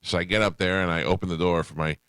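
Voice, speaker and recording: Deep bright-toned man telling a story. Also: quick pace, clear, resonant tone, no room sound. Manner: animated storyteller, acts out voices in dialogue. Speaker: radio show host. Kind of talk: casual studio banter, storytelling.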